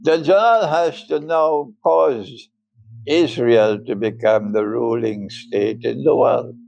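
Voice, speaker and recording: An older man giving a religious lecture, emphatic and deliberate, often breaking into chuckles. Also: on the high side, gravelly, a little mellow, low-quality recording. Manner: slow and deliberate, spelling out words. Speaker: Islamic scholar lecturing.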